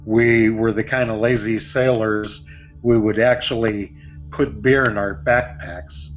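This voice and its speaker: A man's voice: fairly low pitch, fairly even intonation, a little slow, faint music behind. Man in his 60s telling a story. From Florida. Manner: loose and conversational, with fillers. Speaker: guest telling a personal story. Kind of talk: casual storytelling. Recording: slightly muffled lo-fi audio.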